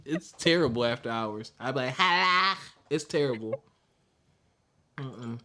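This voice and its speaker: A young man co-hosting a podcast, chatting in a relaxed, rambling way with frequent fillers. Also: mid-range voice, a little slow. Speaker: podcast co-host. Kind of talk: casual chat.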